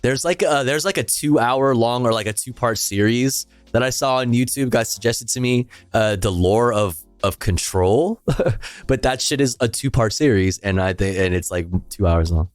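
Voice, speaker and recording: A man's voice: medium pitch, moderate pace, no room sound, faint music behind. A man hosting a casual livestream, chatting with viewers, swearing offhandedly, trailing off and humming to himself. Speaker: livestream host. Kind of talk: casual stream chat, reading chat.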